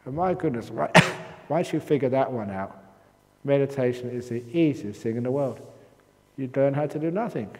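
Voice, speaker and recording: Older male monk teacher, joking storyteller, mid pitch, long hall reverb. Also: normal speed, very noisy. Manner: joking storyteller, occasional coughs. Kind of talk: humorous dharma talk. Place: meditation hall at a retreat.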